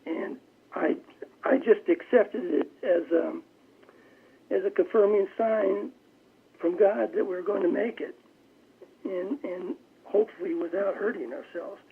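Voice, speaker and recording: An older man tells a story over a tinny phone line, his voice high for a man and rough with gravel. He talks in a measured way and often restarts his sentences as he goes. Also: slight background noise. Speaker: phone-in guest. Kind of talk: recounting a war memory in an interview. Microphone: telephone.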